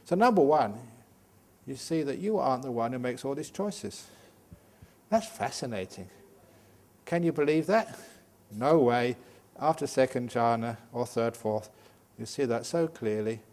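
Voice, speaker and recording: An older man, a Buddhist monk, teaching meditation in a humorous, lively Dhamma talk full of jokes. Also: medium pitch, a little slow. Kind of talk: Dhamma talk at a day retreat.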